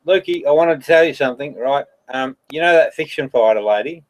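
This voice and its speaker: A man's voice: mid-range voice, fairly quick, dull audio, slight background noise. A man co-hosting a show, chatting casually, laughing often and egging on his co-host. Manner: giggly, eggs on his co-host. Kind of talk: casual chat.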